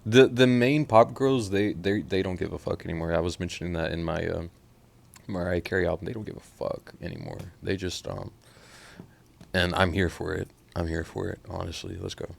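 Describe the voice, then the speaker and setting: Low gravelly-voiced man reacting to music. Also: a little fast, a little hiss or hum. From Oklahoma. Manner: animated, profane, swings from mumbling to loud outbursts. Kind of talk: casual album reaction.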